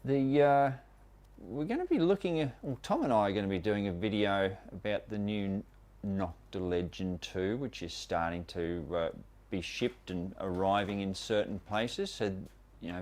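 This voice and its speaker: A man's voice: fairly low pitch, lively intonation, moderate pace, darkish tone. An Australian man hosting a live stream, chattily welcoming viewers one by one by name. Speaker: host of a live prospecting show.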